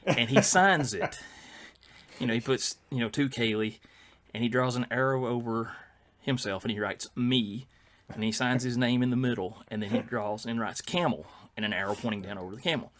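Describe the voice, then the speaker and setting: A man's voice: medium pitch, expressive, moderate pace, fairly bright tone. An older man, telling rambling anecdotes as a podcast co-host, with many fillers and restarts. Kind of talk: casual storytelling chat.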